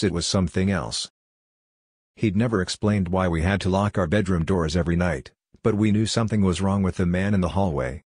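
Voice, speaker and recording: A man narrating a scary story in a measured, grave storytelling delivery. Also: deep voice, husky, no room sound, studio quality. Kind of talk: scripted horror story narration.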